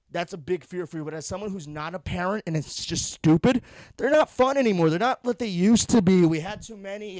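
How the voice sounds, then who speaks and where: A man's voice: sits high, no echo. A young man hosting a podcast, delivering a blunt, profane, rambling comedic monologue. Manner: rambling with frequent restarts. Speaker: podcast host.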